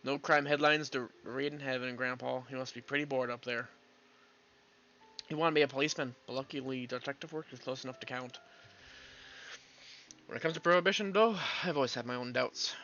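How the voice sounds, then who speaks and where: Man reading a young 1930s detective, earnest and plain. Bright tone, dull recording. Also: medium pitch, a little fast, long pauses.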